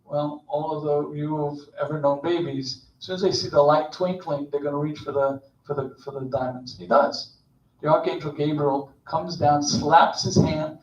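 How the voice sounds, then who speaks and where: Animated older man telling a story in a roomy hall. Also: fairly high pitch. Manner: storytelling, jokey, animated, acts out voices. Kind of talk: informal sermon. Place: synagogue sanctuary. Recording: roomy, distant, dull recording.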